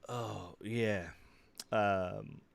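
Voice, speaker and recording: A young man, co-hosting a casual podcast chat and rambling through animated retellings. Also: lowish voice, very slow, creaky. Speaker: podcast co-host.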